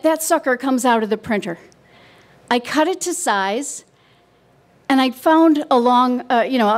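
Slightly high-voiced middle-aged woman telling a story live on stage, warm, wry, dry humor. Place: live storytelling event before an audience.

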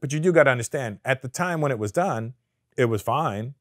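A middle-aged man from Canada, a comedian guest in a casual interview, telling animated, profane stories full of quoted voices. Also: medium pitch, brisk, dry recording, studio quality.

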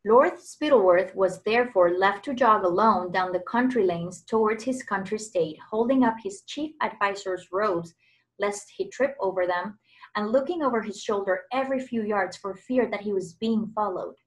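A woman reading a children's novel aloud, expressive in her storytelling. She is a preschool teacher acting as a guest reader. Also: mid-range voice, moderate pace, rough recording.

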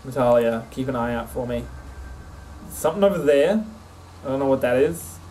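Animated and dark-toned, a streamer with a mid-range voice speaks at normal speed during his horror let's play. He swears and jumps while addressing his companion on a desk mic with a face cam. Slight background noise accompanies the poor audio.

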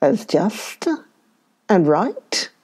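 A woman's voice: on the low side, animated, extremely slow, darkish tone, husky, exaggerated voice. A woman voicing an old camel who speaks with bitter resentment in a children's story. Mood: resentful. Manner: snorting, resentful.

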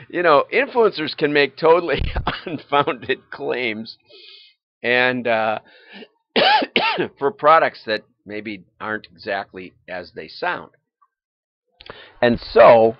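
An older man talks casually on a livestream, rambling from one news item to the next and chuckling now and then. His pitch rises and falls in a lively way. The sound is dull and lo-fi, and very dry. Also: no room sound. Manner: chatty, rambling, chuckles often. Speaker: livestream host.

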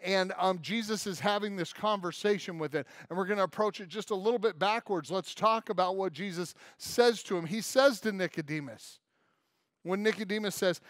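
A man preaching a sermon as pastor, telling stories in an animated way and acting out the voices of puzzled listeners. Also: high voice, moderate pace, no echo, clean studio sound.

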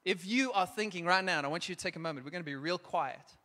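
A man preaching a sermon and leading an altar call, urgent and exhorting, at times dropping to a hushed, prayerful tone. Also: high-pitched, quick pace. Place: church hall. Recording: long church hall reverb.

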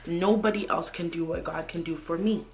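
A young woman, lower-pitched voice, devotional vlog to camera, earnest, chatty fillers, faint music behind. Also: steady tone, moderate pace, darkish tone. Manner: earnest and encouraging, many "like" and "you know what I mean". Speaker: Christian vlogger. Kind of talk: casual devotional talk to camera.

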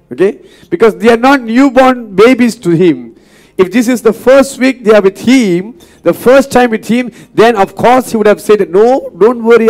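A male pastor preaches in a fairly high voice. He is earnest and repetitive, often turning to the congregation with questions. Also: a little mellow. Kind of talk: sermon.

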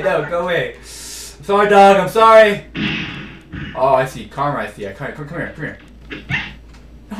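A man's voice: on the high side, fairly bright tone, a little hiss or hum. A man giving rambling, joking commentary over a video game, often correcting himself. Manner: rambling, self-correcting, apologetic jokes. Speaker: let's play commentator. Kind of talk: casual gameplay commentary. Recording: roomy, distant mic with game music.

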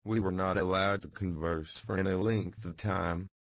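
Male audiobook narrator, deep, measured, formal, dry close sound. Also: fairly even intonation, no room sound, low-quality recording. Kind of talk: scripted narration.

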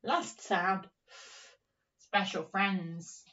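A woman teaching young children a phonics lesson, speaking in a slow, encouraging, sing-song way and sounding out words. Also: medium pitch, fairly even intonation, sharp tone. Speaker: primary teacher. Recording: dull, slightly distant recording.

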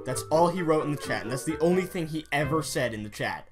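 A young man giving casual, excitable commentary while playing a video game, often breaking into mock-angry yelling. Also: a little high, fast talker, music in the background. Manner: excitable, yells and mock-rages at game animals. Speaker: gaming YouTuber.

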